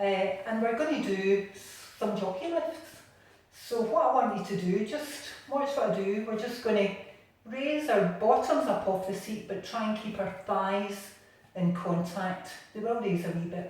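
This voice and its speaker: A Scottish woman gently leading a home exercise class from her bathroom, encouraging and patient. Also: medium pitch. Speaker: exercise instructor. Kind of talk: guided seated exercise class. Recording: echoey room, distant mic, faint noise.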